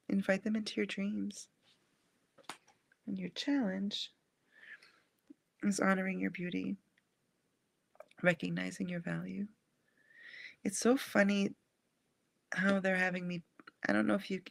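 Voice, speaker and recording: A woman hosting a live angel card reading, speaking in a gentle, soothing and affirming way. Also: mid-range voice, level tone, unhurried, vocal fry, long pauses, no room sound. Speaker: angel card reader and live stream host.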